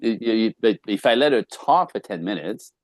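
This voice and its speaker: A man with a lowish voice chats easily about relationships, laughing often and slipping into little acted-out exchanges. His voice sounds dry and close, with no room around it. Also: expressive, moderate pace, no echo. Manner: chatty, laughs often, acts out quoted dialogue. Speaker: guest. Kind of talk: casual conversation on relationships.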